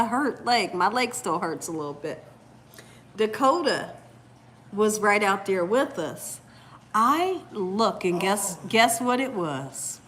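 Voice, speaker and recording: A woman hosting a channel, telling a story in an animated, casual way and talking straight to viewers. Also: a little high. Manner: animated, addresses viewers as "y'all". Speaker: cooking channel host.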